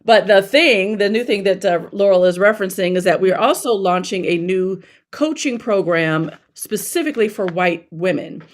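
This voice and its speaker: Woman guest, equity strategist, plain mid-pitched voice, emphatic and conversational. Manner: emphatic, colloquial, quick asides. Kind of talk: casual interview talk.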